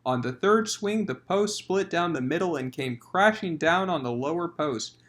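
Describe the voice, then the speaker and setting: Man, high-pitched, audiobook narration, dramatic, comic. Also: animated, moderate pace, a bit bright.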